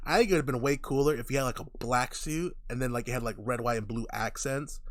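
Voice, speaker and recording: A man's voice: mid-range voice, quick pace, no room sound. A young man chatting casually on a podcast, swearing freely and laughing often as he rants. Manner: profane, animated, laughing often. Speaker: podcast co-host. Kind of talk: casual chat.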